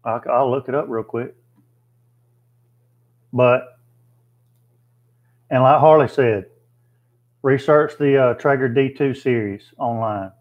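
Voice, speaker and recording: Hosting a relaxed livestream, this man reads out viewer comments and chats plainly, filling his thinking-aloud with filler words. His medium-pitched voice moves slowly with frequent pauses, and the audio is dull.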